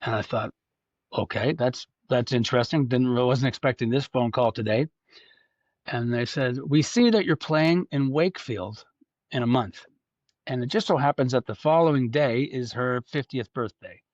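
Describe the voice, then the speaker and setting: A man's voice: mid-range voice, moderate pace, darkish tone, no room sound, lo-fi sound. A man from Canada, a musician guest telling a long anecdote in casual chat, acting out the voices of the people in it. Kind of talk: casual storytelling.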